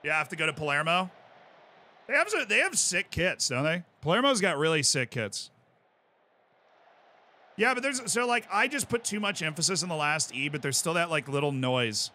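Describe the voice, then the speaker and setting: A man in his twenties with an American accent, chatting casually on a live stream as he plays a game and reads out chat, bursting into excited yells. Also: on the high side, moderate pace. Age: 20s. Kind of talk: casual live-stream commentary while gaming.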